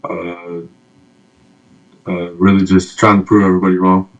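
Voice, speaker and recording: Flat, low young man with filler-heavy answers. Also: normal speed, muffled recording. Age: young adult. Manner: soft-spoken, many fillers. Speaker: rookie athlete interviewee. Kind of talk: interview answers.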